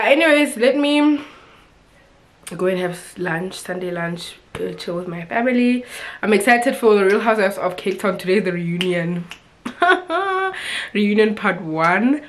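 A young woman talks straight to her camera in a loose, expressive vlog chat. Her voice sits a little low for a woman, and she keeps it lively with laughs and fillers. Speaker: vlogger.

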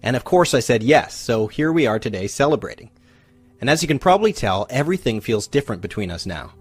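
A bubbly young married woman, overflowing with gratitude, voiced by a man telling the story. She gushes in a breathless rush, her pitch swinging widely. Soft music plays behind. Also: very animated, fast, slightly rough. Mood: beaming.

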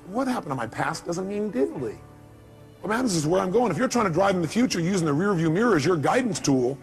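Man, motivational speaker, live seminar, high voice, emphatic, rhetorical questions, faint music behind.

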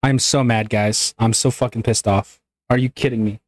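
A man's voice: mid-range voice, fairly even intonation, normal speed, a little hiss or hum. A man giving gameplay commentary, exasperated, swearing and laughing at himself as he plays. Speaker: gaming channel host.

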